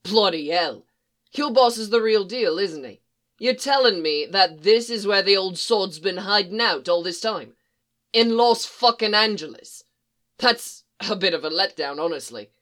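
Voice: medium pitch, animated, unhurried, a bit bright. A reader voicing a roguish, sardonic British man who swears casually, in a British accent, in an audiobook reading. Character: roguish British male occult detective.

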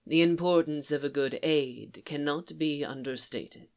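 A reader putting on a hushed formal alien admiral. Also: mid-range voice, natural voice. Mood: wistful. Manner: measured, formal, quiet.

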